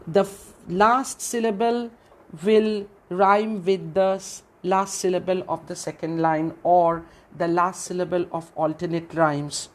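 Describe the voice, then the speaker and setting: A woman giving a literature lecture, who asks questions and answers them herself and often repeats phrases. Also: lowish voice. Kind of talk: classroom lecture.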